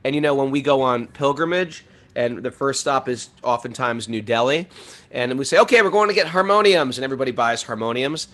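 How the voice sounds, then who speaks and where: A middle-aged man talking in a casual, animated way about spiritual life, laughing often as he tells stories. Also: medium pitch, fairly quick. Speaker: podcast host.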